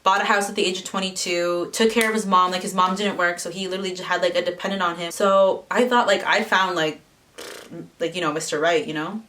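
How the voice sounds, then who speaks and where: A woman's voice: fairly low pitch, fairly even intonation, fairly quick, fairly bright tone, distant mic. A young woman telling a personal story in casual vlog chat, full of "like" fillers. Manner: chatty, lots of "like" fillers. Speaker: vlogger.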